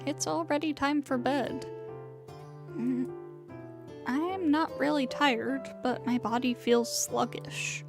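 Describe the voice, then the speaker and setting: A woman streamer reading a visual novel aloud in a dramatic, hushed way, sometimes sinking into whispers. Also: on the high side. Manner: slow and hushed, sinking into whispers in tense passages.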